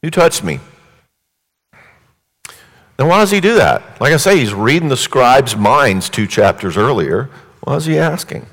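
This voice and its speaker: A man's voice: mid-range voice, big pitch swings, moderate pace, fairly bright tone. A man preaching a sermon in a vivid, conversational storytelling way. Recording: echoey hall reverb.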